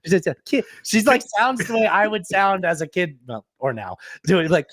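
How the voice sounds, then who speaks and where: Rambling joking podcast host, dry mic. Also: male voice, high-pitched, big pitch swings, normal speed, fairly bright tone, no room sound. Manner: joking, rambling, laughs often. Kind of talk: casual chat.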